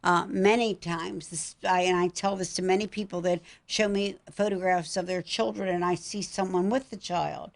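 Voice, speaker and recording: Older woman guest, gravelly creaky voice, calm and reassuring, talk show. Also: fairly low pitch, normal speed, hardly any pauses. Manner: calm, reassuring, tells emotional personal stories. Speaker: psychic guest.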